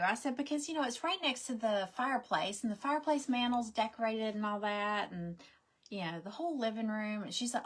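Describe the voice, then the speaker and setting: A middle-aged woman, chatting casually and rambling through stories while she crafts on a livestream. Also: fairly quick. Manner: rambling, animated, acts out quoted voices in a high pitch.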